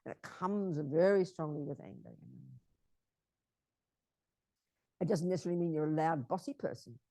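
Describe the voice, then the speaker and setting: A woman's voice: low voice, moderate pace, gravelly, mellow, no room sound. A woman teaching Buddhism in an emphatic way, repeating key phrases and often asking her listeners if they understand.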